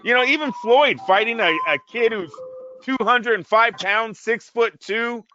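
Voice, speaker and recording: A man's voice: extremely high pitch, measured pace, dull audio, noisy background. A man hosting a boxing podcast in casual, profane chat, putting questions to his listeners.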